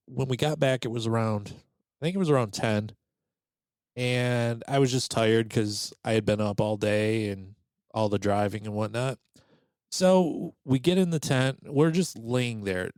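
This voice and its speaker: A man's voice: mid-range voice, smooth, dry recording. Dry, close-miked storytelling man. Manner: animated, acts out quoted voices. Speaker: podcast host. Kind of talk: casual storytelling chat.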